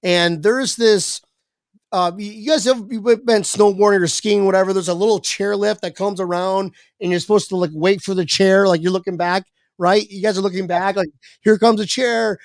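Casual storyteller, young man, raspy edge, swears a lot, mid pitch, dead-dry sound. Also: normal speed, no room sound. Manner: rambling, animated, swears freely, voices his younger self. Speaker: podcast guest.

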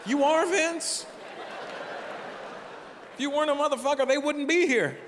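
A middle-aged man doing stand-up comedy on a live stage, talking with the audience in an animated, profane, chatty way. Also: extremely high pitch, measured pace, background noise. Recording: live hall with long reverb, faint ambience.

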